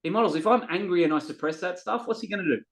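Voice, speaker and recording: A man's voice: sits high, fast, fairly bright tone, rough recording. A man, a guest on a podcast, talking earnestly and from the heart in a casual, story-telling way, sometimes repeating words as he looks for them. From Australia. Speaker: podcast guest, men's coach.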